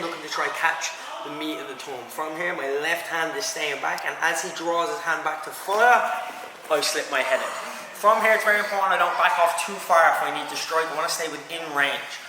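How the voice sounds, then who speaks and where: A man walks through a self-defence technique step by step at a quick clip. His voice sits a little high. It rings around a big reverberant hall over background noise. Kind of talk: technique demonstration.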